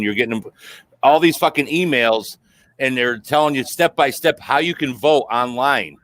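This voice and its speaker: A man's voice: medium pitch, fairly bright tone, no room sound. A man hosting a casual live stream chat, talking in a profane, rambling, heated way. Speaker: host.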